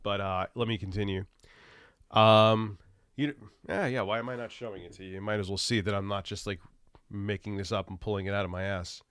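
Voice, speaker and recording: Man streaming with a head cold, stuffy nose, swearing and rambling, low voice, dry close sound. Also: steady tone, a little fast, fairly bright tone, smooth, no echo. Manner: profane, rambling, loose. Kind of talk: casual livestream rant.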